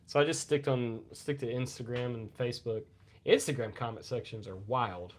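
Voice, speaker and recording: Casting: middle-aged guy, average pitch, foul-mouthed rambling storyteller, chesty post-pneumonia cough. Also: normal speed, slight background noise. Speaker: podcast co-host. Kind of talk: casual live podcast banter.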